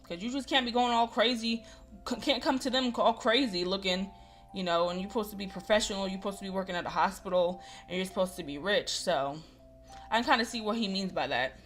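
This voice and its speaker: A woman's voice: mid-range voice, fairly quick, faint music behind. Chatty young woman playing a game. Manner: chatty, animated asides to viewers. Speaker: gaming host. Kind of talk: casual visual novel playthrough commentary.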